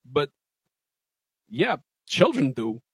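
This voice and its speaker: A man doing an impression of an eccentric male film actor with halting, strangely stressed speech. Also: fairly high pitch, very animated, slightly rough, dry recording, heavily acted. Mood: deadpan.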